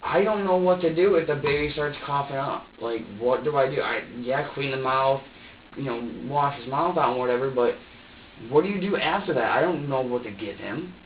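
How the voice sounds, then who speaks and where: A man's voice: mid-range voice, normal speed, slight background noise. A young man being questioned by police, talking in a rambling, repetitive and defensive way. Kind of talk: police interrogation. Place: police interview room. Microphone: far room microphone. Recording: tinny, echoey room audio from far off.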